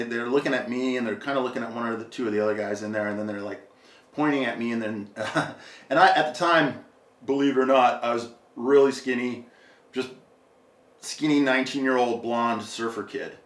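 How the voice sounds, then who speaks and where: A man tells a story as a podcast guest in a loose, rambling way, full of fillers and quick laughs. He sits a little back from the microphone, and the room around him rings noticeably. His pitch sits in an ordinary middle range. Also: fairly bright tone, far from the mic. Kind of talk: casual storytelling. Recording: roomy, a little off-mic.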